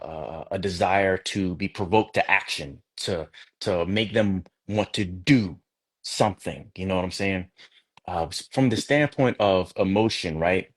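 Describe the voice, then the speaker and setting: A man with a low voice talks as a guest poet in a relaxed interview. He thinks aloud, restarting phrases as he explains his craft. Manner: reflective, many restarts, conversational. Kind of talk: casual interview talk.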